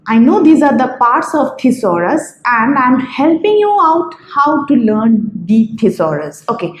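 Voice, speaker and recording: Slow, high-voiced woman teaching. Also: a little mellow, roomy sound, rough recording. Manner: slow, deliberate, listing words one by one. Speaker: English teacher, channel host. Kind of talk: vocabulary lesson to camera.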